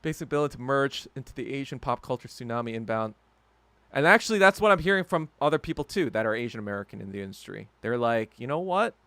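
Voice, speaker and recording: A man hosting a solo podcast, ranting heatedly and with heavy profanity, swinging from low muttering to loud outbursts. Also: lively intonation, fast, smooth, no room sound. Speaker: podcast host.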